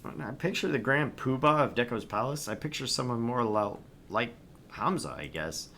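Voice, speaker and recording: A man hosting a let's play, reading a visual novel aloud in an expressive way. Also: mid-range voice, moderate pace, slight background noise. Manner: expressive narration with laughs.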